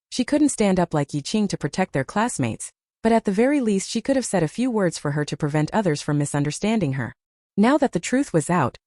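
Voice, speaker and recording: A woman narrating a scripted story with an expressive reading. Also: on the low side, no room sound, studio quality.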